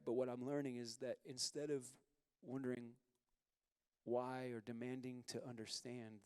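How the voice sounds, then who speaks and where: A man preaching a sermon as pastor, candid and conversational, moving from quiet confession to loud bursts. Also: medium pitch, no echo, studio quality, in a large hall.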